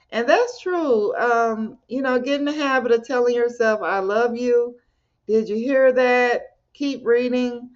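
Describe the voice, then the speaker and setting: A woman's voice: fairly high pitch, unhurried. A woman host reading a self-help book aloud in an earnest way and adding chatty comments of her own. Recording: dull lo-fi recording.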